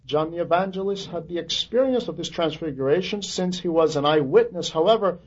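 A man's voice: high voice, a little mellow, slightly rough, muffled recording. A man preaching a sermon on scripture, earnest, quoting verses with rising emphasis.

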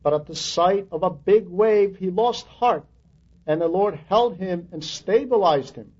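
A man's voice: high-pitched, measured pace, darkish tone, husky, lo-fi sound. A man preaching a sermon on scripture, earnest, quoting verses with rising emphasis.

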